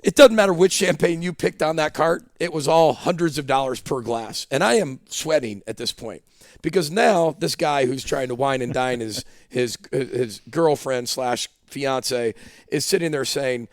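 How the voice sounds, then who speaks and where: A man's voice: mid-range voice, moderate pace, no echo, studio quality. A man, a football coach, telling a story in a casual podcast interview and acting out dialogue. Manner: animated storyteller, acts out dialogue. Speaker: head football coach, guest. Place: podcast studio.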